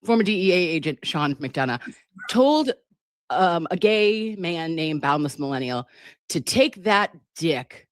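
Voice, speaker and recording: A woman on a livestream telling a story in an excitable, dramatic way, swearing as she goes. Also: on the low side, measured pace, dry recording, studio quality. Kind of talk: animated gossip storytelling.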